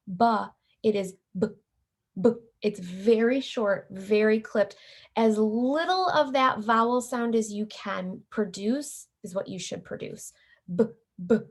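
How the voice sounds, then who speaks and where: A woman's voice: mid-range voice, takes it slowly. A middle-aged woman lecturing teacher candidates, explaining carefully and demonstrating letter sounds. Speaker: teacher educator. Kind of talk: recorded lecture.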